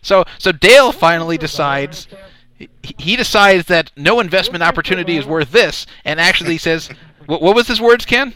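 Bright-voiced male radio host storytelling. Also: high voice, animated, moderate pace. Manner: rambling, repeats words, laughs at his own story. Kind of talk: casual storytelling chat.

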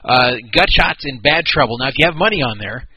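Husky-voiced man ranting about a scam. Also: mid-range voice, lively intonation, fairly quick, sharp tone, poor audio. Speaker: podcast host. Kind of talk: casual commentary.

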